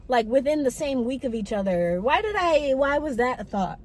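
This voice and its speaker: A woman's voice: high voice, sing-song, brisk, few pauses. A young woman rambling in a casual, self-mocking vlog while she eats, talking with her mouth full, in a parked car. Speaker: vlogger.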